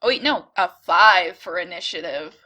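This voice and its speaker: Bright-voiced playful woman player. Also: on the low side, lively intonation, normal speed. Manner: playful, chatty, self-mocking. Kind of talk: tabletop game play, casual chat.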